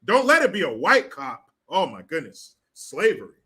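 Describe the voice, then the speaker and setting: Guy with a high bright voice going off in an angry profane rant. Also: huge pitch swings, moderate pace, slightly rough. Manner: blunt, profane, indignant. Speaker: commentator. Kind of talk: ranting commentary.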